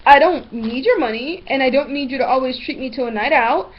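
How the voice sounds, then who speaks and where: A teenage girl telling a story in a vlog, blunt and animated, swearing freely. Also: high-pitched, brisk. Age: teens. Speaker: vlogger. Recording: dull lo-fi webcam audio.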